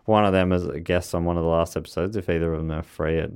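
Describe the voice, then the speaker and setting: A man's voice: low-pitched, fairly even intonation, quick pace, darkish tone, clean tone. A man co-hosting a podcast in casual chat, reading out listener messages and laughing often between remarks. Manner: chatty, laughs often, frequent fillers and restarts.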